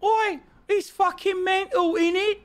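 A man putting on a loud, swearing young British lad caricature with a mock British accent. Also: very high voice, steady tone, a little slow, pitched above the performer's own voice. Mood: boisterous. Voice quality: swearing, boisterous, shouty.

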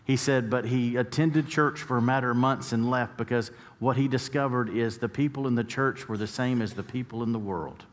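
A man's voice: mid-range voice, a little fast, hardly any pauses. Storytelling preacher man in a reverberant church. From United States. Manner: storytelling preacher, rising to emphatic peaks. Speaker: pastor. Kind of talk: sermon. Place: church sanctuary. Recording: long church hall reverb.

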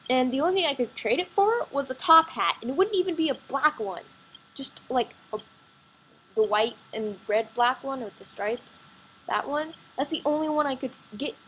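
A woman chatting excitedly and rambling with lots of fillers while playing a computer game at home, recorded on her computer microphone. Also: sits high, slight background noise, low-quality recording. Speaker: gaming vlogger.

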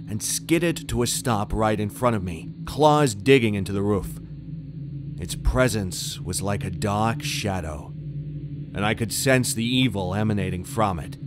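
A man's voice: on the low side, noisy background. A man reading a scripted first-person horror story in a tense, dramatic way. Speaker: narrator.

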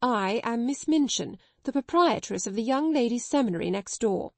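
A woman's voice: lively intonation, moderate pace, darkish tone, no room sound. A woman reading an audiobook, voicing a stern, haughty schoolmistress who speaks with rigid politeness and rising indignation. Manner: indignant, rigidly polite, shrill when shocked.

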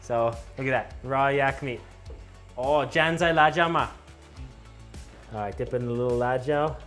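Male travel food host, excitable and effusive, mid-pitched voice. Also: measured pace, soft background music. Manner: exclamatory, gushing over food; mixes English with simple Mandarin. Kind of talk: enthusiastic food vlog with voice-over narration.

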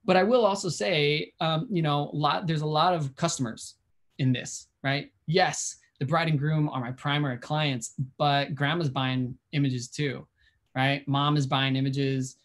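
An upbeat man talking about his photography work over a video call. He speaks casually and with enthusiasm, thinks out loud as he goes, and lets small chuckles slip in. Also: a little high, fairly even intonation, measured pace. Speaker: wedding and portrait photographer, guest. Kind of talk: casual interview answers.

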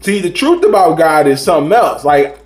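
A man's voice: a little high, expressive, fairly quick, echoey room. A man giving a rambling, preachy spiritual monologue in a casual vlog, full of slang and restarts. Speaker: spiritual vlogger.

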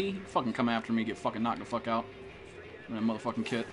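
A man's voice: medium pitch, quick pace. A man streaming a game live, swearing and trash-talking other players while he greets chat viewers. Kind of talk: live gameplay commentary.

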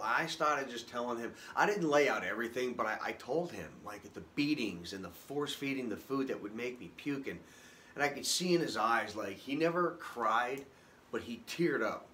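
A man telling his own life story unscripted, halting and emotional, with many restarts. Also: mid-range voice, animated, bright, forceful tone, a little hiss or hum. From Boston area, US. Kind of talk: personal testimony, unscripted.

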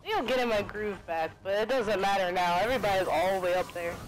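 A young woman giving excited gameplay commentary, often exclaiming and laughing as she plays. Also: mid-range voice, a little fast, low-quality recording. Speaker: gaming video creator.

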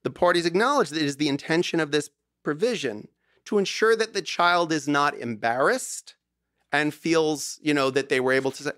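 Brief: middle-aged man, lively swooping pitch, emphatic, plays out dialogue in his stories. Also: no echo, clean studio sound. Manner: emphatic storyteller, acts out quoted dialogue, swears casually. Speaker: divorce lawyer, podcast guest. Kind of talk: animated conversational interview.

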